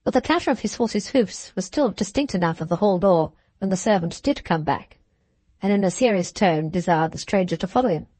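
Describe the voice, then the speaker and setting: Narrating a classic novel for an audiobook, a woman keeps a steady, measured pace from her script. The pitch is middle-range, and the close, dry sound has no room around it, no room sound at all.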